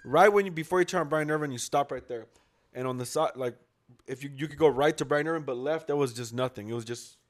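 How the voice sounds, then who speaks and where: A man's voice: fairly high pitch, quick pace. A man co-hosting a podcast, telling road stories in casual chat, swearing a lot and acting out the people he quotes. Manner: swearing storyteller, acts out quotes. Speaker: podcast co-host.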